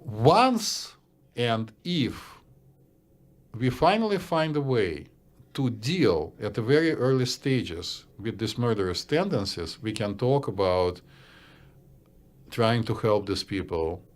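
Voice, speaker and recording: Low-voiced Russian-accented male psychiatrist. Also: lively intonation, slow. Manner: blunt, opinionated, hesitant with uh fillers. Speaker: psychiatrist co-host. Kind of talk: casual podcast chat.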